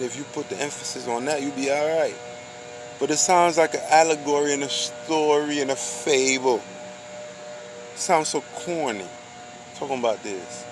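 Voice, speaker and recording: A man's voice: mid-range voice, rough recording. A man giving a loose, slangy street monologue, preaching and firing off rhetorical questions.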